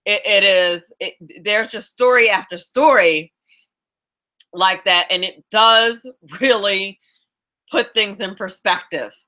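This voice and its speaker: A woman from South Jersey hosts a talk radio show, telling stories in a loose, chatty way and stumbling through restarts. Her voice is bright and forceful. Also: medium pitch, slow pace. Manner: warm chatty storyteller, many restarts, laughs easily. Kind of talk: casual radio interview chat.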